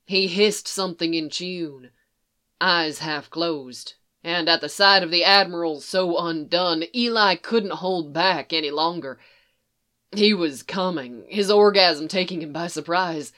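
A narrator reading fan fiction aloud in a slow, even, unhurried way. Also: mid-range voice. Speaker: audiobook narrator.

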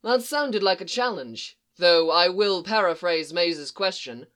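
A suave male devil, amused and teasing, taking his time with every line, as an audiobook reader puts him on. The voice has a bright, forward edge. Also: mid-range voice, lively intonation, measured pace. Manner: smooth, teasing. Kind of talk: audiobook reading.

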